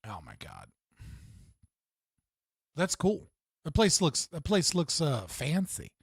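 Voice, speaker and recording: A man's voice: a little high, huge pitch swings, slow pace, gravelly, breathy edge, dry recording, clean studio sound. Profane, rambling young man streaming live. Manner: rambling, profane, laughs often, restarts a lot. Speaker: livestream host. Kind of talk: casual livestream chat.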